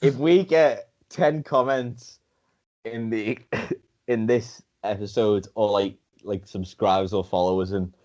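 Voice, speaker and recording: A young man co-hosting a podcast in casual chat, playful and quick to laugh, often restarting his sentences. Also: on the low side, steady tone, darkish tone, dull audio. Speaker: podcast co-host.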